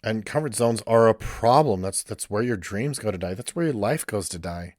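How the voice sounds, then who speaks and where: A man's voice: on the low side, lively intonation, moderate pace, no echo, clean studio sound. A male counselor giving a blunt, ranting podcast monologue and swearing freely.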